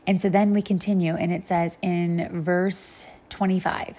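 Chatty woman teaching the Bible. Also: fairly low pitch. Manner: chatty, animated, acts out quick voices for God and people.

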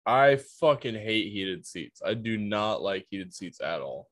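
A man's voice: fairly low pitch, sing-song, a little slow, a bit bright, no room sound. A man co-hosting a podcast, talking bluntly and swearing in casual chat. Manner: blunt, profane. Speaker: podcast co-host.

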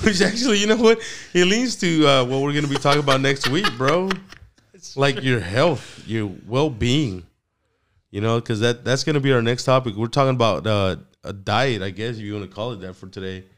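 A man banters in a lively, joking way, swearing casually as he talks. His voice sits at an everyday middle pitch. He often tosses in Spanish words mid-sentence. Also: normal speed. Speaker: podcast co-host. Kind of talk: casual chat.

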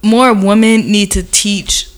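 A young woman chatting casually as a co-host, animated, laughing often and swearing freely. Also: medium pitch, takes it slowly. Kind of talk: casual chat.

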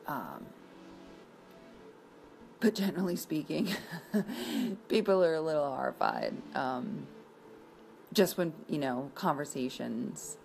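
A woman's voice: deep voice, very animated, takes it slowly, creaky, long pauses, a little mellow, a little hiss or hum, poor audio. A woman in her thirties from the area, chatting casually and bluntly, rambling and swearing now and then. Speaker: vlogger presenting a coloring page. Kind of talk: casual chat.

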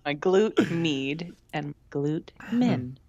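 A woman co-hosting a podcast tells a story in candid, self-mocking casual chat. Her low, mellow voice is animated and drags out words, and the recording is dry and slightly dull.

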